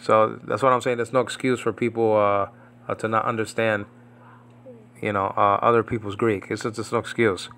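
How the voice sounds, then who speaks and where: A man from New York teaching a casual Greek Bible lesson at home, rambling and slowly repeating Greek words. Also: fairly low pitch, flat delivery, fairly bright tone.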